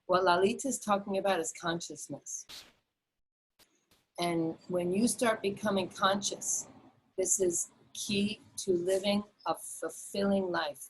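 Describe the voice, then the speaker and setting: A woman's voice: mid-range voice, lively intonation, measured pace, a little hiss or hum, low-quality recording. A middle-aged woman teaching a health webinar over a video call, earnest and repetitive, often restarting with fillers. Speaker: health educator. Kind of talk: enthusiastic webinar talk.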